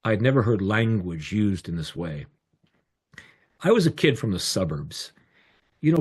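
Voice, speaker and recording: An older man telling a personal story in an animated, expressive way over a video call. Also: lowish voice, slightly rough. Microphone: video call microphone.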